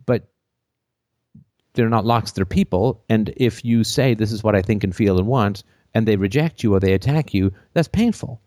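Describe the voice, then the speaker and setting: A call-in host with a low man's voice talks through a caller's problem at length. He slips into joking bits and acted-out lines as he goes. The sound is dry and close. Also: moderate pace, dry recording. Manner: animated, acts out silly voices and jokes. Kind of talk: call-in show advice talk.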